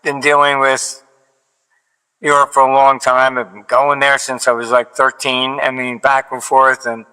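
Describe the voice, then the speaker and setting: A man talking casually, wandering from anecdote to anecdote with plenty of ums and false starts. His voice has a bright, forceful edge at a middle pitch. A long hall reverb trails behind each phrase. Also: flat delivery, unhurried, clear, resonant tone. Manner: rambling, many fillers and restarts; dry storyteller who acts out quoted exchanges. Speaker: financial analyst guest.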